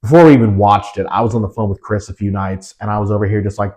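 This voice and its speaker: A young male podcast co-host with a somewhat low voice. He chats casually and rambles, looping through fillers and false starts as he thinks aloud. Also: fairly even intonation, quick pace, hardly any pauses, a little mellow. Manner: rambling, lots of fillers and restarts. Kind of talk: casual chat.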